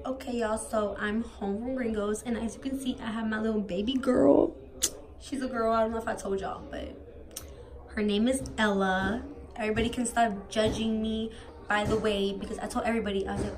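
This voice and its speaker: A woman's voice: on the high side, normal speed, crowd noise. A teenage girl talking casually to her phone camera, rambling with lots of fillers. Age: teens. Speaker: vlogger. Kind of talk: casual vlog chat.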